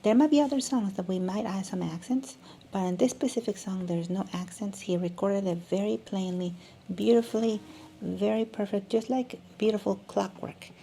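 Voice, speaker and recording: Woman, music teacher, gravelly, mellow tone, demonstrating while talking, faint background noise. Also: medium pitch, moderate pace. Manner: demonstrating as she talks, with frequent restarts. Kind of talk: instructional video lesson.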